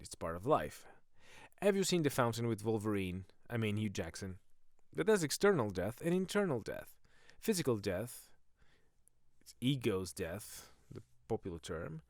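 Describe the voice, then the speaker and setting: A man's voice: lowish voice, big pitch swings, moderate pace, creaky, a little mellow, no echo. A man hosting a podcast in a rambling comic monologue that keeps drifting off on tangents. He jokes at his own expense, and his voice swings up and down a lot. The sound is dry and close, with no room around it. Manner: jokey, self-mocking, goes off on tangents. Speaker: podcast host and comedian.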